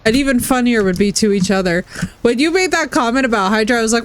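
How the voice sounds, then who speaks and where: Laughing animated woman streamer. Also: fairly high pitch, fast. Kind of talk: casual gaming stream chat.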